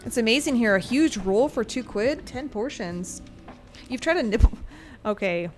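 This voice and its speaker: A woman's voice: fairly high pitch, lively intonation, normal speed, soft background music. A woman streaming a game, rambling through a story between fights, laughing often and swearing casually. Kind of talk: casual gameplay commentary and storytelling.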